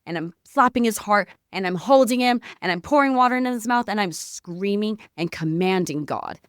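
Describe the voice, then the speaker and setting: A woman guest on a podcast, telling a story in excitable casual chat with lots of "like" and spiritual talk. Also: medium pitch, moderate pace, clear, resonant tone, no echo, clean studio sound.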